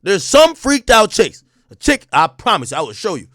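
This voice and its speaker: A male live streamer talking to his chat in animated, profane street slang, laughing often. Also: high voice, normal speed, no echo, studio quality. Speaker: streamer host.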